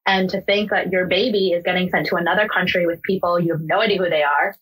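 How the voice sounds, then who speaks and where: Young woman from the US, husky low voice, casual candid storytelling, emotional, swears, lots of "like". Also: fairly even intonation, quick pace, fairly bright tone, poor audio. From United States. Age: young adult. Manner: candid, emotional, swears freely, many fillers like "like". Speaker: interview guest.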